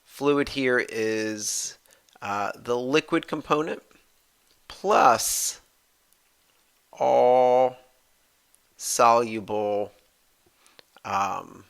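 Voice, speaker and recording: A man's voice: mid-range voice, drawn-out words, gravelly, long pauses, clean tone. A man, a professor, giving a recorded anatomy lecture, explaining step by step and restating his points with many fillers.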